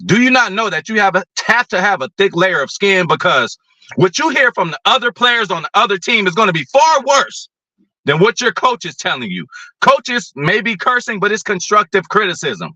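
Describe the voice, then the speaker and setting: A man hosting a show, ranting about football in a blunt, profane, animated way. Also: high voice, normal speed, no room sound. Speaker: podcast host. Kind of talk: casual opinion rant.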